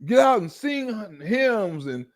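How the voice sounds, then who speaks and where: A man's voice: high-pitched, big pitch swings, slow. A man rants through a profane political monologue. He mocks his targets, keeps a streamer's loose delivery and stops to act out chants in a scornful tone. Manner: mocking, rants and acts out chants.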